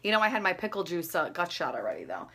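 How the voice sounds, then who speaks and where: A woman's voice: lowish voice, big pitch swings, fast talker, a bit bright, breathy edge. A woman in her thirties chatting casually through her skincare and makeup routine, rambling and laughing at herself. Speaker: beauty vlogger.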